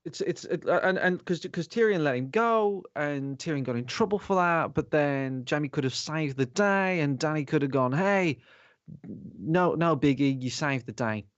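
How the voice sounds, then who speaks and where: A man, hosting a podcast in casual chat, animated, sweary and rambling. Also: fairly high pitch, moderate pace, hardly any pauses, clear, resonant tone, no echo. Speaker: podcast host. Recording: dull lo-fi sound.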